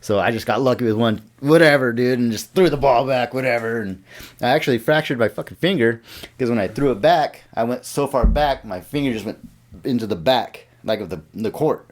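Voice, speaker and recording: A man's voice: medium pitch, brisk. A man as a podcast guest, talking in a laid-back casual way and swearing freely.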